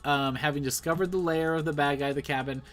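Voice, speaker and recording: A man's voice: a little high, fairly even intonation, fast, fairly bright tone, faint music behind. Rambling man reviewing a TV episode. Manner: rambling, self-correcting, enthusiastic. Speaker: show reviewer. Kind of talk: casual spoken TV review. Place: at home, streaming.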